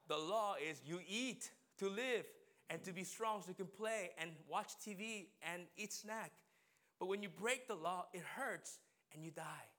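A man's voice: fairly high pitch, a bit bright. A man preaching a conversational sermon, chatting with the congregation and asking people questions by name. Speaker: pastor.

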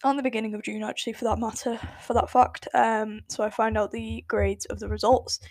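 A woman's voice: fairly high pitch, flat delivery, brisk, darkish tone, no room sound. An eighteen-year-old English woman with an English accent, chatting casually on her solo podcast in a rambling, self-correcting way full of fillers. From England. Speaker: podcast host.

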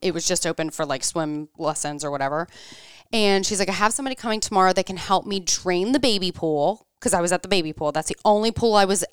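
A woman's voice: fairly low pitch, quick pace, clean tone, no echo, studio quality. A woman in her thirties, a podcast co-host, telling a story in casual chat and acting out the dialogue with animation. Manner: animated, acts out quoted dialogue.

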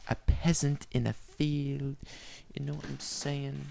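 Gravelly, rambling comic podcaster man. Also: little pitch movement, slow pace, mellow, slight background noise. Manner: rambling, crude, repeats words, sudden swoops up in pitch. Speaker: podcast host. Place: bedroom at home. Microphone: stand-up microphone.

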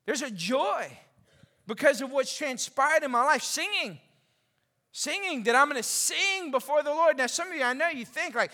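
A man preaching a sermon as pastor in a church service, animated and conversational with joking asides. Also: very high voice, normal speed. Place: large church during a service. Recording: long reverb of a large church hall.

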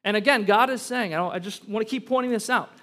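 A man's voice: sits high, fast talker. A man pastor preaching a sermon, reading scripture and then making emphatic points with conversational asides to the congregation. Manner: emphatic, rising to loud peaks on key points.

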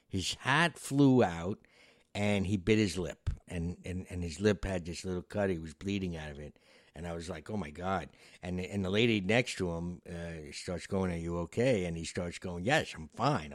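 Low-voiced man telling a rambling story. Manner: meandering and reflective, many fillers. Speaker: podcast host. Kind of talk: casual storytelling.

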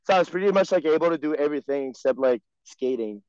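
A man's voice: a little high, animated, quick pace, a little mellow, clear, resonant tone. A young man whose first language is French, speaking English with a French Canadian accent, rambling in a casual podcast chat full of "like" and "you know". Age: young adult. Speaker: guest, pro hockey player. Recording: dry, dull lo-fi sound.

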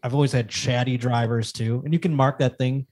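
A man's voice: medium pitch, a little fast. Man animatedly telling a story. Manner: animated storyteller, acts out quotes, self-mocking. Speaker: guest. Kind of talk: casual chat.

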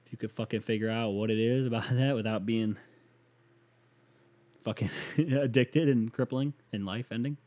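A man hosting a solo podcast, rambling and swearing as he answers listener email, swinging from loud rants to muttered asides. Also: medium pitch, fairly even intonation, moderate pace. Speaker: podcast host.

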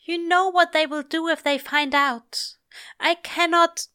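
A woman voicing an anxious, gentle male angel who pleads in a high, trembling voice. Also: steady tone, a little slow, full character voice. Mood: pleading.

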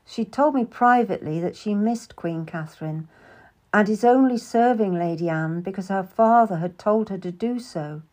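A woman narrating a first-person historical novel in an even, measured storytelling manner. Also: mid-range voice. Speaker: audiobook narrator.

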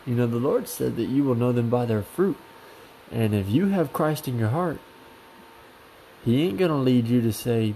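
Man preaching casually at home, earnest and repetitive, mellow tone. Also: mid-range voice, animated, normal speed, slight background noise, rough recording. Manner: earnest, repetitive, grows fervent and insistent. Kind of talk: casual sermon to camera.

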